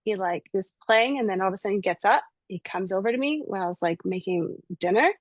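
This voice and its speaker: A woman's voice: medium pitch, fast, dry recording. A woman telling a personal story in casual chat, acting out the voices of the people in it. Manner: animated, acts out voices in the story. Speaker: guest sharing a spiritual experience. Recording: slightly dull lo-fi sound.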